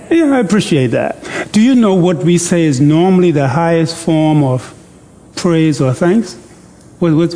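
A male preacher giving an interactive sermon in church. He jokes, coaxes the congregation into call-and-response, and reads scripture slowly and deliberately. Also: fairly high pitch, dark tone, long reverb tail.

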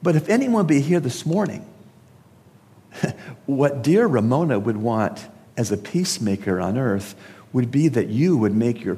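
A pastor preaches a funeral sermon at a church service, speaking emphatically and putting pointed questions to his listeners. His medium-pitched voice is dark with vocal fry, and the large hall adds long reverb.

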